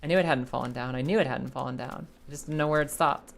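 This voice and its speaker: This young woman streamer has a gravelly bass voice and talks fast. While playing a game live, she chats casually with her chat in running commentary, swearing from time to time.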